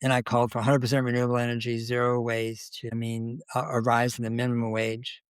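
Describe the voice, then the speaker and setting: Older man, interview guest, storytelling, mid pitch, dry close sound. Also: monotone, fast talker, clear, resonant tone, no room sound. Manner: anecdotal, acts out quoted dialogue, restarts often. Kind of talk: conversational storytelling.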